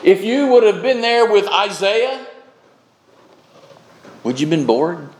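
Slow, deliberate preaching man. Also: high-pitched, sing-song, a little hiss or hum. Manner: slow, emphatic preaching with dramatic pauses. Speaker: pastor. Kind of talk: sermon. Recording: echoey room sound.

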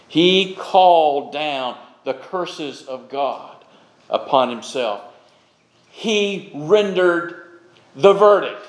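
Slow, deliberate preaching man. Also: on the high side. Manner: slow, emphatic preaching with dramatic pauses. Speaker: pastor. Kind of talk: sermon. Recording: echoey room sound.

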